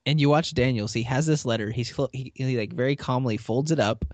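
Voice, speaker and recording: With a mid-range voice and a slightly fast pace, a podcast host chats through a recap of a TV episode. He animatedly acts out the characters' lines, laughing along. There's no echo.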